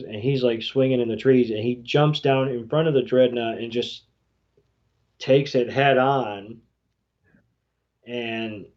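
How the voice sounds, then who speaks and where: Slow, halting male podcast co-host. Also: mid-range voice. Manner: halting, many fillers. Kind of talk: casual recap commentary. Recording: dull lo-fi podcast audio.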